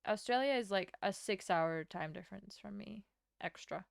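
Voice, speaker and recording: A young woman from Latvia chats with her stream while she draws, rambling and answering her chat with quick laughs. Her voice is smooth and clear, with a gravelly fry at the ends of phrases. The sound is dry, with no room echo. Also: medium pitch. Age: young adult.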